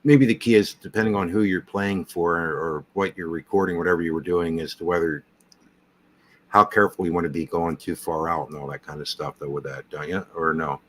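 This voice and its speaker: A man's voice: low-pitched, fairly even intonation, a little fast, fairly bright tone. A man in casual conversation who asks curious beginner questions and often restarts his sentences. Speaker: host. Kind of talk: casual chat.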